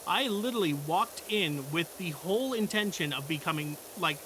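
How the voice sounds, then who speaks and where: A man's voice: a little high, animated, moderate pace, fairly bright tone, slight background noise. A young man streaming, telling a work story in a blunt, profane, exasperated way. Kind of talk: casual storytelling.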